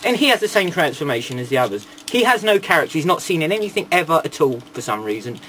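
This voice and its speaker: A man's voice: fairly high pitch, sing-song, fast talker, fairly bright tone, slight background noise. A man giving a casual toy review, rambling, with irreverent and sarcastic asides.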